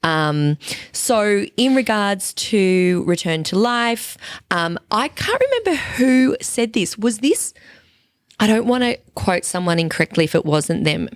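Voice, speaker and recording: Aussie woman cohosting a podcast, talks fast and loose, swears a bit, laughs a lot, dry mic. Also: mid-range voice, very animated, no room sound. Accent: Australian. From Australia. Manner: chatty, laughing, swears casually. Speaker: podcast co-host. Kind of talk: casual chat.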